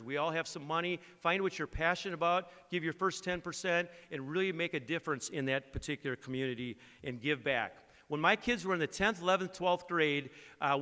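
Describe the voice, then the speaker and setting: A man's voice: a little high, bright, forceful tone. Earnest man speaking in a reverberant hall. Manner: earnest, folksy, uses an acronym and jokes. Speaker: credit union executive giving an award speech. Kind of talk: motivational acceptance speech. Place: large event hall.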